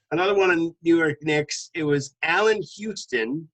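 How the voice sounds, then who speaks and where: A man with a slightly raised pitch tells sports stories on a casual podcast. He stumbles into restarts and laughs as he goes. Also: a little slow, a bit bright, low-quality recording. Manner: laughs often, storytelling with restarts; jokingly puts on a booming announcer voice. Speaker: co-host.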